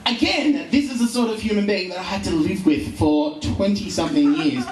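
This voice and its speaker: A man's voice: high-pitched, moderate pace. A man in his twenties doing profane, rambling stand-up full of ums and uhs, live in a comedy venue with an audience. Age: 20s. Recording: echoey room, distant mic, crowd.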